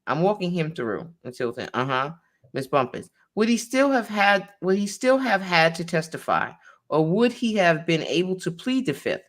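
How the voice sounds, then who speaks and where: A female lawyer, her voice on the low side with big swings in pitch, reads a court transcript out loud, identifying each speaker before their words and pausing to give explanations.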